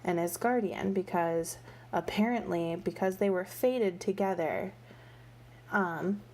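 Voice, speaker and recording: Woman, lowish voice, casual book review, rambling and gossipy, lots of fillers. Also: slow, a little mellow. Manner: rambling, filler-heavy retelling with frequent "like" and "you know"; exasperated, gossipy storytelling.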